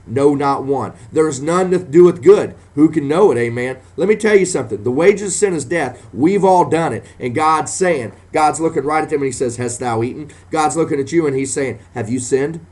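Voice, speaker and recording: In a slightly high, darkish voice, a man preaches to Christians and sinners, peppering nearly every phrase with "amen" and climbing into fervent emphasis.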